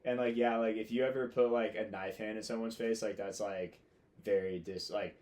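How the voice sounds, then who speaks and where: A man's voice: lowish voice, fairly even intonation, normal speed, a little mellow. A young man in his twenties, a podcast guest, telling casual stories with lots of fillers and swearing. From United States. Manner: rambling, filler-heavy, swears freely. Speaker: podcast guest, Marine officer. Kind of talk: casual storytelling chat.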